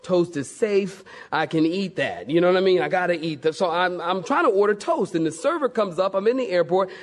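A male preacher delivering a sermon, lively and jokey, spinning stories for his congregation. His voice sits high for a man. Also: brisk. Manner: animated, jokey storytelling.

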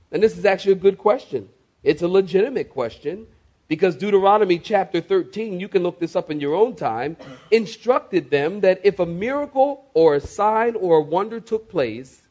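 A man's voice: sits high, lively intonation, normal speed, a little mellow, dull audio. A man preaching a sermon as pastor, emphatic and calling for responses from the congregation, with swift asides.

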